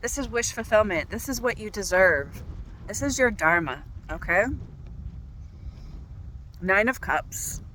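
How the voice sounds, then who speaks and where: A woman's voice: medium pitch, expressive, a little slow, long pauses, pushed and bright, slight background noise, rough recording. A woman tarot reader talking to her viewers outdoors on a walk, bubbly and gushing. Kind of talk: tarot reading vlog outdoors. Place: outdoors on a walk by a golf course.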